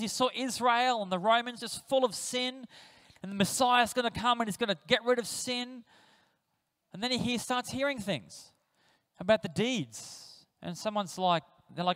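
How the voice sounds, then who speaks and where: A man preaching a sermon, telling stories in a lively way and acting out the voices of the people he quotes. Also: very high voice, moderate pace. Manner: animated storytelling, acts out quoted voices. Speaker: pastor. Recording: reverberant church hall.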